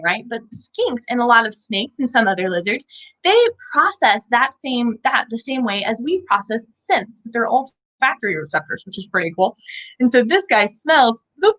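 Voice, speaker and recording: A woman's voice: fairly high pitch, pushed and bright, rough recording. A young woman hosting a children's animal show, talking playfully in a sing-song way with sound effects and questions to the kids. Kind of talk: educational talk for young children.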